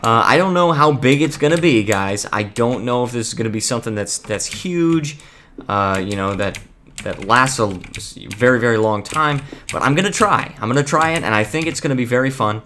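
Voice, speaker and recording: A man's voice: medium pitch, animated, a little fast, sharp tone, slight background noise. Chatty man streaming a game. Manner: rambling with frequent restarts. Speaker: gaming streamer. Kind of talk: casual live-stream chat.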